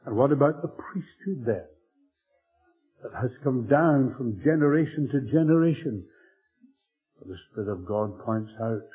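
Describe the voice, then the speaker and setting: A man preaching a Bible-teaching sermon in a measured, emphatic way, often clearing his throat. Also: on the low side. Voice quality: husky. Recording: old tinny phone-like tape with faint music.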